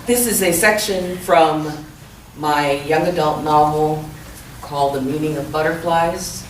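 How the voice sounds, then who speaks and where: A woman author reading a chapter of her young adult novel aloud at a measured, soft-spoken pace. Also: deep voice, slight background noise. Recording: echoey room, mic far off.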